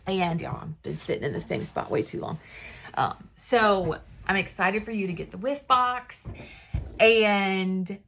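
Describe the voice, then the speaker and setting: A woman's voice: medium pitch, measured pace, a bit bright. A woman giving casual, rambling sales advice, often losing her train of thought. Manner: rambling, chatty, self-interrupting. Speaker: independent sales consultant. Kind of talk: casual talking-to-camera advice.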